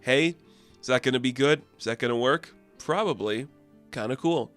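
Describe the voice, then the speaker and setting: A man recapping a comic book issue in a chatty, loose, excitable way. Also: mid-range voice, normal speed, faint music behind. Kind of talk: casual review recap.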